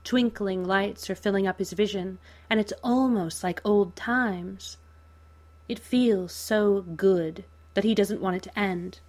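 A woman narrating fan fiction aloud in a slow, measured, even way. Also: medium pitch.

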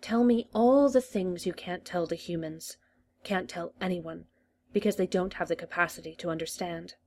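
A woman's voice: lowish voice, normal speed, darkish tone, a little hiss or hum, natural voice. A woman reading a story aloud, voicing a scheming male Time Lord who coaxes, teases and boasts. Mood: teasing. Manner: coaxing, teasing and boastful.

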